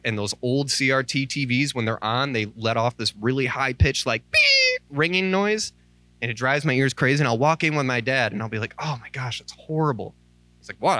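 Tearful and earnest, this associate minister speaks frankly and conversationally during an informal church sermon, often slipping in "like" and "um" as he pleads. Through the microphone, his medium-pitched voice sounds fairly bright, with no echo.

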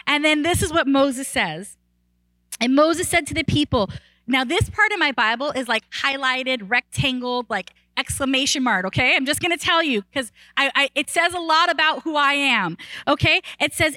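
This is a woman pastor's sermon at normal speed, animated and conversational, sprinkled with "like" and restarted sentences. Excitement pushes her pitch and volume upward. The recording is dry and rough.

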